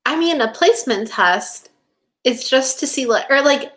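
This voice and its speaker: A woman's voice: sits high, expressive, normal speed, a bit bright. A woman co-hosting a podcast, chatting casually and animatedly about a TV show and leaning on "like" and "it's so funny.". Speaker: podcast co-host. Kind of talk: casual chat recapping a TV show.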